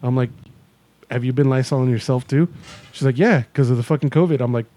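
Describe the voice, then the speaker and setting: A man co-hosting a podcast in casual chat, an animated storyteller who acts out quotes and swears a lot. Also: medium pitch, fast talker. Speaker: podcast co-host. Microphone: studio mic.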